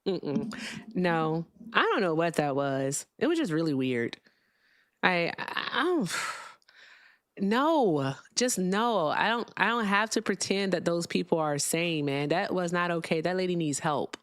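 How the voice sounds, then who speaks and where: Woman host, lowish voice, dry close sound, blunt, sarcastic, live call-in show. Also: lively intonation, a little slow, no echo.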